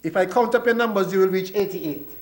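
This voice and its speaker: High-pitched and fast-talking, the Kittitian government minister gives a budget speech to parliament. He's folksy and playful, needling colleagues with jokes, and the chamber's roomy acoustics make everything echo.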